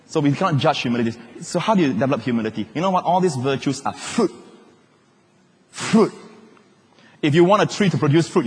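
A pastor preaching a sermon, joking with the congregation and acting out quotes. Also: male voice, medium pitch, breathy edge. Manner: animated, joking, acts out quotes. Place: large church hall. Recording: long reverb of a large hall.

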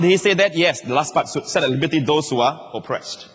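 A male pastor, preaching a lively sermon with jokes and sudden shouted quotes. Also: fairly high pitch, fairly quick, few pauses, in a large hall.

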